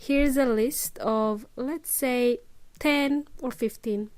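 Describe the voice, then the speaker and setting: Patient, slow-paced woman teaching English. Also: high-pitched, darkish tone, dry recording. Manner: patient, checks in with listeners often. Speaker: English teacher, podcast host. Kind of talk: casual spoken lesson.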